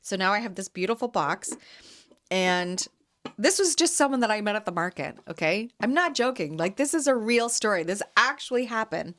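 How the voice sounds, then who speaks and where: A woman in her thirties from Canada, hosting a podcast and telling a chatty story with quick laughs. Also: mid-range voice, lively intonation, fairly bright tone. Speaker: podcast host and jam vendor. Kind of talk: casual storytelling.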